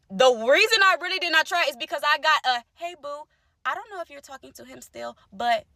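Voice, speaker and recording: A young woman casually telling a personal story to camera, animated and conversational, jumping between loud exclaims and low asides. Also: dry recording. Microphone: phone close to the face.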